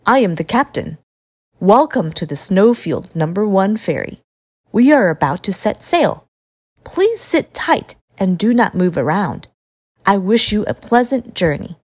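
A woman's voice: medium pitch, very animated, a little slow. A woman voicing a ship's captain giving a formal onboard announcement in a children's story. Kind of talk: storybook character voice.

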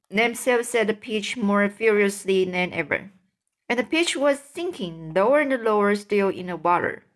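A woman reading a children's storybook aloud, slow and careful, with occasional slips. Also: mid-range voice, a bit bright. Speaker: reader.

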